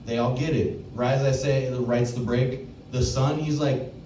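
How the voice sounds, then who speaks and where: A young man doing open mic stand-up, telling a crude story with loud acted-out quotes. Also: medium pitch, a little slow, a little hiss or hum. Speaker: stand-up comedian. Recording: echoey room, mic heard from a distance.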